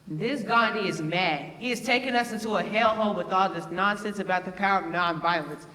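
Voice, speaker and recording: An actor playing a scornful, lecturing, old-fashioned Indian uncle. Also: male voice, high-pitched, fairly quick, bright, forceful tone. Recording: echoey room, long reverb.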